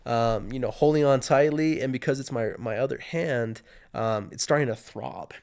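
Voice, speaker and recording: A man's voice: mid-range voice, normal speed, vocal fry. A man casually telling a personal story on a podcast, acting out the moments as he goes. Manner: animated, acts out his own panicked inner voice. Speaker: guest sharing his testimony.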